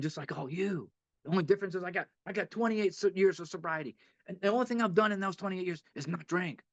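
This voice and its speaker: A man whose voice sits high gives a heartfelt, rambling talk at a recovery meeting, often repeating himself and laughing a little. The highs in the audio are cut off.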